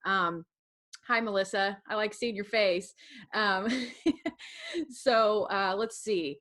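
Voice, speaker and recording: A woman presenting a fast-paced webinar as an assistive technology specialist, chatty and relaxed, with many fillers, speaking over a video call. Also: medium pitch.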